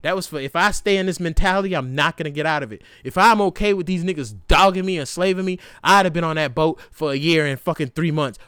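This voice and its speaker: A young man hosting a podcast, talking through a raw, profane solo monologue that swings from hushed to loud outbursts. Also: high-pitched, lively intonation, quick pace, clear, resonant tone, no echo, studio quality. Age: young adult. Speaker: podcast host.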